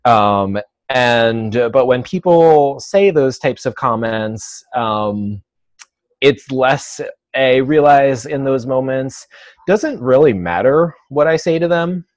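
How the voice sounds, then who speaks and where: A man who works as a dog trainer, speaking as an interview guest in a thoughtful, measured way, pausing often with "um" and "uh". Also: mid-range voice, expressive, no room sound. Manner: thoughtful, measured, many "um" and "uh" pauses. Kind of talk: conversational interview.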